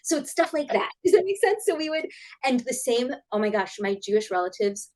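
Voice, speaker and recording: A woman in her thirties, a guest author chatting in an interview over a video call, animated and acting out quoted voices. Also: brisk, rough recording. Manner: animated, acts out quoted voices with big pitch jumps. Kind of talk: casual interview chat.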